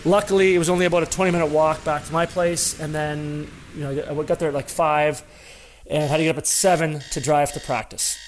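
A former hockey player telling a story in a casual, rambling way, with a self-deprecating tone and frequent fillers and restarts. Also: male voice, on the high side, fairly even intonation, fairly quick, a little hiss or hum.

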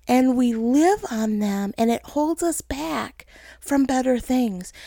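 Earnest woman preacher with a gravelly edge. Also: high-pitched, a little mellow, dry recording, clean studio sound. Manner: earnest, emotional, speaks to listeners as "guys". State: tearful. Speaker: pastor's wife giving a message. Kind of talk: sermon, personal testimony.

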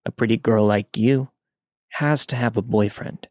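A man's voice: fairly low pitch, fairly even intonation, moderate pace, darkish tone, dry recording, studio quality, natural voice. A man playing a drawling, sleazy trucker. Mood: leering. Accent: Southern US drawl. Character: crude flirty middle-aged male trucker turning nasty.

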